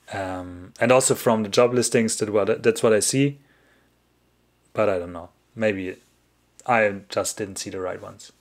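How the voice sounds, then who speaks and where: Man chatting on livestream. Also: fairly low pitch. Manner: rambling, self-interrupting, laughs often. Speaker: livestream host answering chat. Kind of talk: casual livestream chat.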